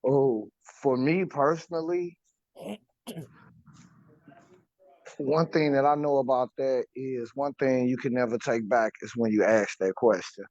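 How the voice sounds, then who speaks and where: A man's voice: mid-range voice, a little slow, long pauses, darkish tone, no room sound, dull audio. A man co-hosting a casual talk show, speaking emphatically and repeating words for stress. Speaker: podcast co-host. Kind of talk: casual conversation.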